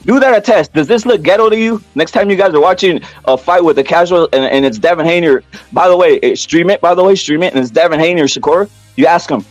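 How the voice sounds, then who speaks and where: A man's voice: fairly high pitch, fast, few pauses, no echo, dull audio, faint music behind. A man hosting a casual boxing rant, profane, repetitive and heated. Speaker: boxing commentary channel host.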